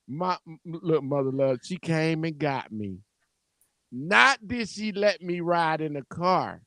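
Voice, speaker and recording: A man co-hosts a laid-back talk show and spins a story in a high, bright voice. He laughs easily and stammers as he goes, and the room sounds dry and close. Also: animated, slow, dry recording. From Cleveland, Ohio. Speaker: co-host. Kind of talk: casual storytelling chat.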